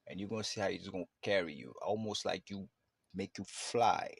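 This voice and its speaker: A man's voice: low voice, a little fast, gravelly, slightly rough, no room sound. A man hosting a podcast, talking in a loose, rambling way with many fillers and restarts. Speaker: podcast host. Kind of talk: casual reflective monologue.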